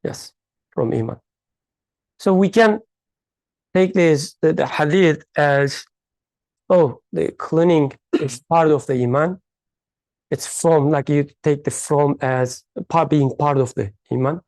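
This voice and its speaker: Brief: mellow, unhurried voice for a study-circle talk; halting delivery, thinks aloud, uneven grammar. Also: medium pitch, no room sound. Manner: uneven non-standard English grammar. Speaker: study circle participant explaining a hadith. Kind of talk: reflective discussion in a faith study circle.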